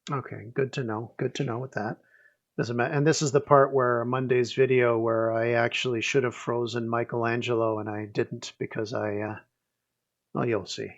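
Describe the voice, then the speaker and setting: A man hosts a podcast in loose, joking chat, often breaking off mid-sentence and circling back. His mid-pitched voice is a bit dull and lo-fi on the recording. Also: level tone, moderate pace. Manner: jokey, rambling, self-interrupting. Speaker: podcast host. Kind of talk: casual chat.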